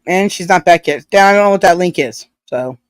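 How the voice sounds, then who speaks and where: A woman's voice: fairly low pitch, brisk, dry recording. A woman co-hosting a livestream in loose, profane, jokey chat. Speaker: livestream co-host.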